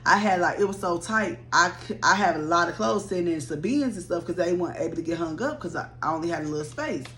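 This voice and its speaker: Young woman, blunt and animated, talks straight to her viewers, swears freely; light background hum. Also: lowish voice, quick pace. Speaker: storyteller. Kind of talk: casual story time.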